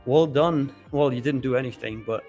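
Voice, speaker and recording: A man's voice: mid-range voice, moderate pace, vocal fry, a little mellow, highs cut off, faint music behind. A man co-hosting a live trading show, talking loosely, laughing and trailing off mid-sentence. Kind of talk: casual live-stream chat.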